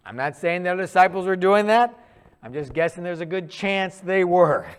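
A man preaching a sermon in a conversational, animated storytelling way, acting out quick asides. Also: sits high, smooth.

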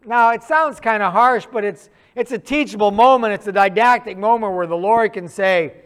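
High, smooth-voiced preacher telling it casually. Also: male voice, normal speed, few pauses. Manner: conversational, animated storytelling with acted asides. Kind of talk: sermon.

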